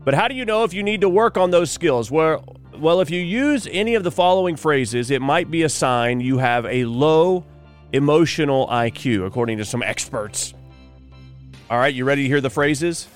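A man's voice: medium pitch, lively intonation, normal speed, faint music behind. A man hosting a morning radio show, chatting wryly through news items with offhand asides. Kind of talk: solo talk radio monologue.

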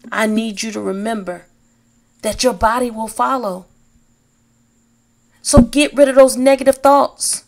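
Slow, gravelly-voiced woman preaching encouragement. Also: mid-range voice. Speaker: podcast host. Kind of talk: inspirational faith talk.

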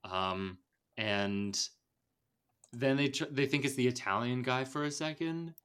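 A man's voice: mid-range voice, a little slow, a bit bright, clear, resonant tone. A man co-hosting a podcast, talking casually about a film in a meandering way, full of fillers and restarts. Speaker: podcast co-host.

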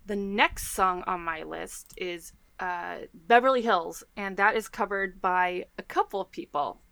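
A woman's voice: mid-range voice, measured pace, creaky, a bit bright, no room sound. A woman co-hosting a podcast in casual chat, talking chattily and enthusiastically with lots of fillers. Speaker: podcast co-host.

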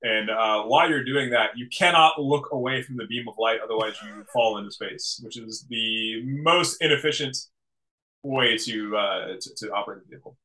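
A man's voice: medium pitch, moderate pace, pushed and bright, low-quality recording. A man co-hosting a podcast, casually chatting about a cartoon episode, amused and laughing often. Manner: amused, laughs often, restarts his sentences. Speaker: podcast co-host.

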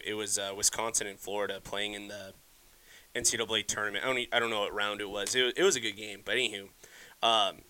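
A man's voice: fairly low pitch, bright, forceful tone. Young man ranting with heavy profanity. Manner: profane, heated ranting with frequent restarts. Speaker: podcast host. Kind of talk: casual solo podcast rant.

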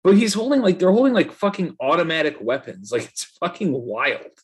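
A man's voice: on the high side, expressive, fairly quick, breathy edge. A man co-hosting a podcast, chatting casually in a loose, profane, ranting way. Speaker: podcast co-host. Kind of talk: casual chat.

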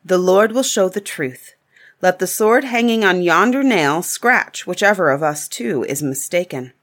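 A woman's voice: fairly low pitch, expressive, unhurried. A woman voicing a bold young prince in a storybook reading, speaking firmly and plainly. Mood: earnest.

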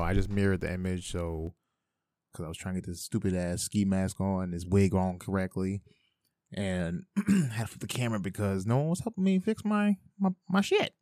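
Rambling, profane solo podcast host. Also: male voice, sits low, a little mellow, no echo. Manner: rambling, profane, self-talking. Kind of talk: casual solo podcast chat. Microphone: headphones with mic.

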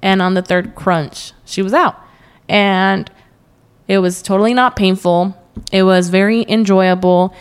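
A woman's voice: medium pitch, steady tone, unhurried, clean tone. A young adult woman chatting as a podcast guest, telling a story with lots of quoted asides and frequent laughter. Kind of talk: casual interview chat.

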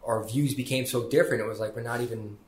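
Quick, candid male guest, rambling chat, roomy echo. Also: medium pitch, fairly even intonation. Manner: candid, rambling, many restarts. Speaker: guest, small business owner. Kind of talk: casual chat. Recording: echoey room.

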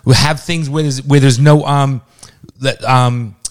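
A man's voice: medium pitch, fairly even intonation, measured pace. A middle-aged man, a father, arguing heatedly with his son, exasperated, swearing and talking over him. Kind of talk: heated family argument.

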